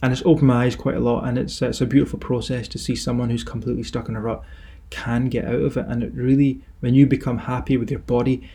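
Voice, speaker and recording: A man's voice: mid-range voice, little pitch movement, fast talker, few pauses, warm tone, husky. A young Scottish man hosting his own podcast, giving an encouraging, rambling pep talk on a headset mic. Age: young adult. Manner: encouraging, rambling with fillers and restarts. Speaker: podcast host and personal trainer.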